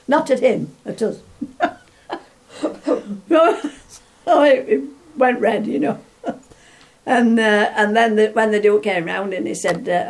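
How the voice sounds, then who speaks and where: An older woman being interviewed reminisces, telling a story from memory in a rambling way, often restarting and laughing as she goes. Her voice is a little high, she speaks slowly, and she pauses often.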